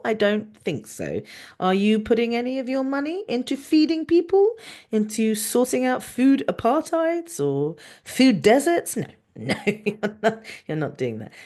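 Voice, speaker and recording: Sarcastic podcasting doctor with a lively voice. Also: mid-range voice. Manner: sarcastic, mocking, animated. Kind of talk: passionate podcast monologue. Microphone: video call recording.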